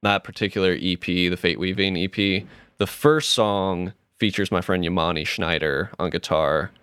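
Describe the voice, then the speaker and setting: Deep-voiced calm man hosting a podcast. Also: smooth, dry recording, studio quality. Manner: calm, unhurried and reflective, with many fillers. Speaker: podcast host. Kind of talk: reflective casual podcast chat.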